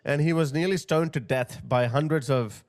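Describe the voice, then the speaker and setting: A man's voice: a little high, moderate pace, darkish tone. A man hosting a commentary channel, talking bluntly and emphatically to his viewers as he reacts to video clips.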